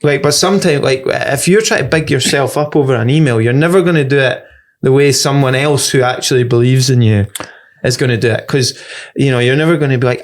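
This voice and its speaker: A Scottish man with a mid-pitched voice chats on a podcast as a guest comedian. He swears freely and winds through loose, rambling anecdotes, his speech full of restarts. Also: a little fast. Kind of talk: casual podcast chat.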